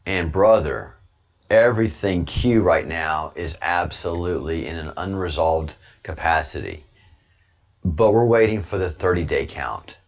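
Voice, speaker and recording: A man's voice: low voice, measured pace, dull audio. A man with a Southern American accent talking in a rambling casual monologue, often restarting and calling his listeners brother. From Southern United States. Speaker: online commentary host.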